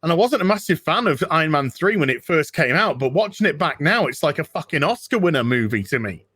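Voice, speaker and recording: A man with a high, bright, cutting voice rants in a casual podcast chat and swears constantly. The sound is dry and close, with no room around it. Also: big pitch swings, fairly quick, slightly rough, dry recording. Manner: profane, ranting. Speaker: podcast guest.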